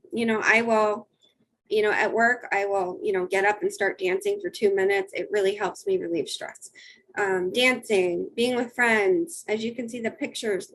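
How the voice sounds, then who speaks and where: Husky woman presenting a wellness webinar. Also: on the high side, fairly bright tone, rough recording. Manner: friendly, conversational, lists tips. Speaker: dietitian and wellness coach.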